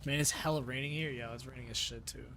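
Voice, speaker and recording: A man's voice: mid-range voice, steady tone, fast, pushed and bright, a little hiss or hum. A man streaming a role-play game, talking to himself, swearing often and swinging between frustration and disbelief. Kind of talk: live game-stream commentary.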